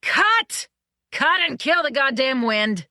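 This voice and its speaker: A reader voicing a loud, irritable male film director who shouts orders. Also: medium pitch, lively intonation, moderate pace, no room sound, clean studio sound. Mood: shouting. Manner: shouting orders through a megaphone, profane.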